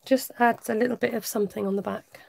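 A woman's voice: fairly high pitch, steady tone, quick pace, vocal fry, no room sound. An English woman with a slight West Country twang, chatting and laughing with viewers while she works on a live craft stream. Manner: warm chatty, laughs often, talks while working. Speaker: craft livestream host.

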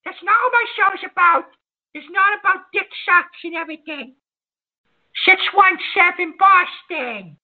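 A man playing a hot-tempered male call-in show host who stammers and loses his temper quickly. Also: very high voice. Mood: flustered. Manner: flustered, stammering, quick to rage. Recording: lo-fi phone-like sound.

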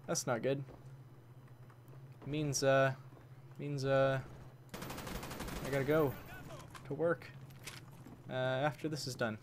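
A man's voice: medium pitch, level tone, takes it slowly, long pauses, noisy background. Male gamer, casual commentary, mildly grumbling, slightly worn voice, game gunfire behind. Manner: grumbling, swaps swears for mild words, talks to enemies. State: voice worn from long recording. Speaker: gaming channel host.

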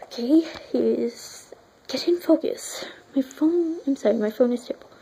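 A woman's voice: high voice, normal speed, creaky, warm tone, slight background noise, low-quality recording. A woman giving casual, self-deprecating commentary while playing a video game, apologizing often and filming on a phone. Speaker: let's play gamer. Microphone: phone filming a screen.

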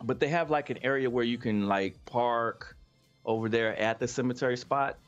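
A man's voice: medium pitch, normal speed, clear, resonant tone, lo-fi sound, soft background music. A man hosting a casual chat, telling a story with laughter and acting out quoted voices. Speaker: podcast host.

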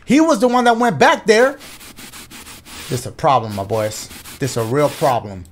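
A male gaming YouTuber doing loud, profane, excitable let's play commentary full of slangy banter. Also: fairly high pitch, moderate pace.

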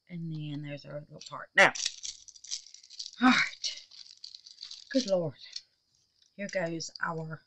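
A woman's voice: fairly low pitch, background noise. A woman chatting folksily while assembling a resin clock at home, tired and huffing, with frequent exclamations and laughs. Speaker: resin craft vlogger. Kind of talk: casual crafting chat.

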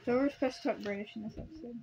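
A young woman with a high voice plays along in a casual game session. She makes dry, teasing remarks between moves. A faint hiss runs behind her. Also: very fast, a little mellow, poor audio. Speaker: co-player. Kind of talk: casual gameplay chat.

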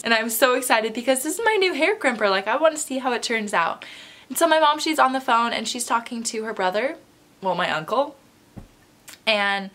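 A young woman talks straight to her viewers in a casual vlog. She tells a personal story in a chatty, lively way. She acts out the lines of the people in it. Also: on the high side. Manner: chatty, animated storytelling with many likes. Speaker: vlogger.

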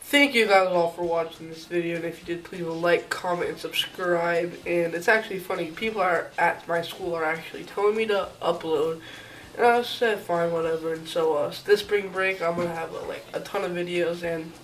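A man's voice: high-pitched, fairly even intonation, moderate pace, fairly bright tone, distant mic, slight background noise, rough recording. A teenage boy vlogger telling a school story in a rambling, profane, aggrieved way. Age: teens. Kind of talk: casual storytime rant.

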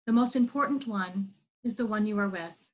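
A calm, wise old teacher, voiced by a woman reading aloud speaks gently from the middle of her voice. The pace stays unhurried, like a parable told to a congregation. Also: medium pitch, natural voice.

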